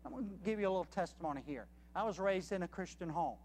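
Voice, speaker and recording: High-voiced preacher in a reverberant hall. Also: male voice, quick pace, hardly any pauses. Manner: emphatic, counts points off one by one. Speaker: missionary preacher. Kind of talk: sermon.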